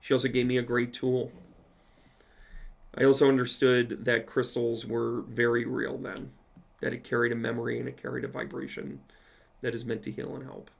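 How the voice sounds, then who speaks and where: Gravelly-voiced guy, a medium telling a story on a live q&a, cussing as he goes. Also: mid-range voice, moderate pace. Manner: animated storyteller, swears casually. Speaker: psychic medium.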